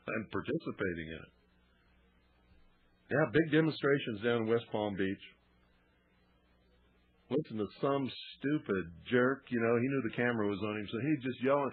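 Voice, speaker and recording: Indignant husky male radio host. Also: medium pitch, expressive, moderate pace, pauses often. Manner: indignant, emphatic ranting. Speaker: radio talk show host. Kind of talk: talk radio monologue. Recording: phone-band lo-fi radio broadcast.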